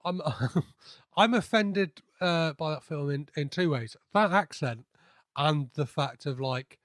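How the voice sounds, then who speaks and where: A man hosts a podcast in a casual interview chat, his voice on the high side, animated, slow and fairly bright. He is half Greek and rambles with lots of fillers and restarts.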